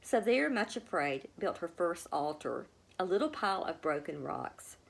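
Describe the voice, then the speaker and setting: A woman reading a children's storybook aloud, with a gentle, expressive manner. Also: low-pitched, moderate pace, creaky, slightly rough. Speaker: storybook reader. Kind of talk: storybook read-aloud narration.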